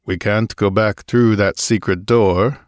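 A man voicing a wounded barbarian warrior who speaks bluntly and gruffly. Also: on the low side, fairly even intonation, a little slow, no room sound, clean studio sound, natural voice. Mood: grim.

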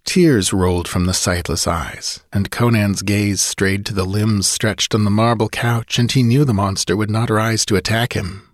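A man narrating an audiobook in a measured, dramatic way. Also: on the low side, steady tone, no room sound, clean studio sound.

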